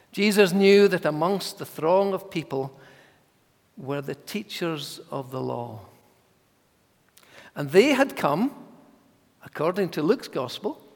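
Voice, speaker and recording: A man preaches in a church at a slow, deliberate pace, leaning hard on key words. His voice sits a little high, and a long reverb trails each phrase through the hall. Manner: measured, emphatic, dropping to whispers for voiced thoughts. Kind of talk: sermon.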